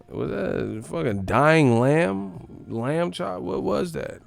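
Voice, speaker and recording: Profane, gravelly sports-stream host. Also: male voice, a little high, no echo. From San Francisco Bay Area. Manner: profane, animated, laughing often. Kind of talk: comedic sports rant.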